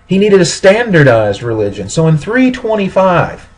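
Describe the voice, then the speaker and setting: Husky-voiced male history lecturer. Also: high voice, rough recording. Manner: steady explanatory pace with pauses and self-corrections. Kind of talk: recorded classroom lecture.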